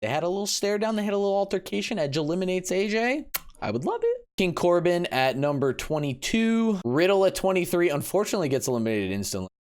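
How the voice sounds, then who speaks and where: A man giving a casual, excitable recap of a wrestling event as a vlogger, dropping low and then bursting into sudden yelps. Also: fast, hardly any pauses, clear, resonant tone.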